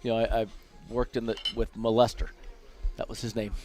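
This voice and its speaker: A man from Las Vegas telling lively anecdotes as a dinner guest, acting out the people he quotes, in a casino restaurant. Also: lowish voice, fairly quick, soft background music. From Las Vegas, USA. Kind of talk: casual storytelling over dinner.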